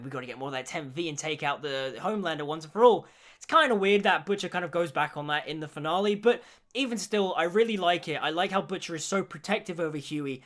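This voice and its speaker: A man's voice: high voice, a bit bright. A young man giving an enthusiastic spoken review of a TV series, gushing with praise. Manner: gushing, repeats "genuinely". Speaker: show reviewer.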